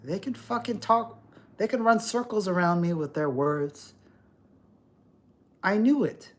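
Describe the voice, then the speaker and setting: A middle-aged man rants on a livestream, lecturing and cursing as he goes. His voice swings widely up and down, with a lively, animated delivery. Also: sits high, a little slow. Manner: ranting, profane, lecturing. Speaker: livestream host. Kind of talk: livestream rant.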